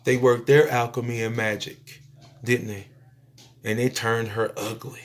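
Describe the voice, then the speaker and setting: A man delivering a spiritual preaching monologue to his viewers, emphatic and repetitive, stretching out phrases and suddenly dropping to a soft near-whisper. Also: medium pitch, level tone, a little slow. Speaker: YouTube speaker.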